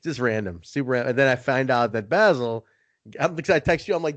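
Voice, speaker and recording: A man's voice: medium pitch, quick pace, no room sound, muffled recording. Male podcast host, casual storyteller with a mid-range voice and dry, close sound. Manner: animated storyteller, swearing, acting out quoted voices. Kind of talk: casual chat.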